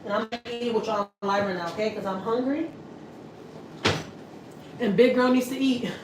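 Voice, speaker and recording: A woman's voice: on the high side, normal speed, very noisy. A woman chatting casually to her live viewers while cooking in her home kitchen. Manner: chatty, slangy, laughing asides. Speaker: family vlogger.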